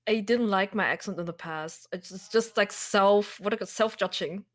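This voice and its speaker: A woman's voice: medium pitch, moderate pace. A woman with a German accent, chatting casually on a stream and reassuring her friend. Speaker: guest streamer. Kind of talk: casual chat on a livestream.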